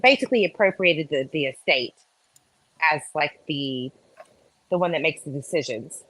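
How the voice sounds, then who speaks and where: A woman's voice: sits low, expressive, normal speed, a bit bright, low-quality recording. A woman who works as an accountant, explaining things in a casual, meandering way as a guest.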